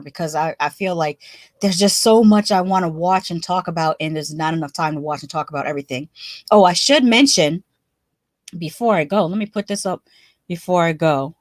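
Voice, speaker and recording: A woman's voice: medium pitch, no room sound. Chatty woman streamer, dry close sound. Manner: chatty, laughs often, restarts and rambles. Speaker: livestream host. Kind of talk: casual live-stream chat.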